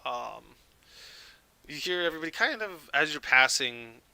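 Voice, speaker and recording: A man's voice: fairly high pitch, expressive, measured pace, gravelly, pushed and bright, clear, resonant tone, no room sound, rough recording. A man narrating as dungeon master in a tabletop game, casual with lots of filler words and laughs, on a close mic.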